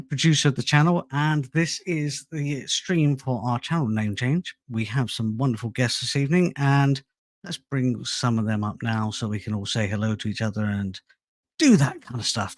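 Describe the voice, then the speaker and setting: Middle-aged man, gravelly voice, dry close sound, rambling and self-mocking host. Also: medium pitch, a little fast, dry recording. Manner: rambling, self-deprecating, laughs often. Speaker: host and channel producer. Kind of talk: casual live-stream chat.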